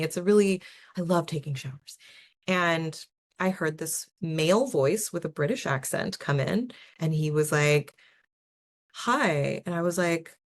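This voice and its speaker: A young woman with a low voice talks through her own experiences in a casual podcast chat. She sounds earnest and chatty, laughs easily, and often breaks off to restart a sentence. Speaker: podcast host. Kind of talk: casual personal storytelling.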